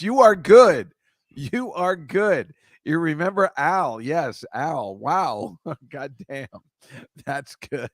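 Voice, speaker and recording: A middle-aged man hosts a podcast in a mid-range voice with no room sound, the recording close and dry. It's a casual livestream chat where he rambles, chats, and jokes with viewers.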